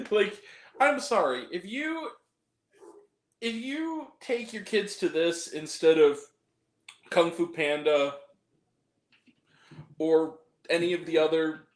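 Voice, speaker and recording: A man's voice: on the high side, echoey room, low-quality recording. A man giving a ranting movie review, exasperated and profane, with self-deprecating asides. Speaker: film reviewer.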